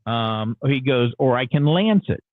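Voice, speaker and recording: A man's voice: mid-range voice, expressive, unhurried, no echo. A man calling in as a radio host, telling a long candid story in casual, rambling talk with many restarts. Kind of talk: casual morning show chat. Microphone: phone call. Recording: tinny phone line.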